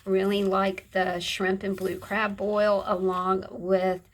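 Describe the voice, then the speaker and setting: A middle-aged woman hosting a casual craft video, chatting in a soft, rambling way as she shows her handmade books. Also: mid-range voice, flat delivery, slow pace, rough recording. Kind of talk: casual show-and-tell chat.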